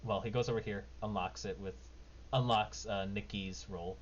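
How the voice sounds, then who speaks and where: Low-voiced casual game master. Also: male voice, steady tone, moderate pace. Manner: casual, rambling, with many fillers. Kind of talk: narrating a tabletop game. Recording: dull lo-fi mic with faint noise.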